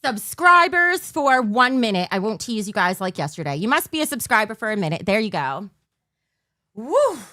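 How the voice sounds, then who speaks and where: A woman streamer chatting to her viewers, overtired and scattered, always losing her thread. Her voice sits a touch high and leaps up and down all over the place. The sound is dry and close, with no room around it. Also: sing-song, moderate pace, bright, forceful tone, no echo. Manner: scattered, rambling, loses her train of thought; bursts into a mock auctioneer patter. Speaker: livestream host. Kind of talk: casual livestream chat.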